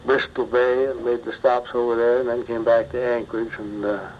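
An older man, a former pilot, slowly telling his memories in an interview, with many pauses and fillers. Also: medium pitch, flat delivery. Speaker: retired bush pilot. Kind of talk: oral history interview. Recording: muffled archival tape with faint hiss.

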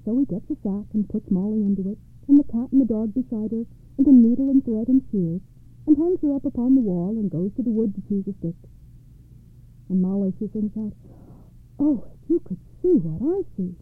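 A woman reading fairy tales aloud in a steady, rhythmic storytelling manner. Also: medium pitch, brisk, dry recording. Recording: tinny phone-like audio.

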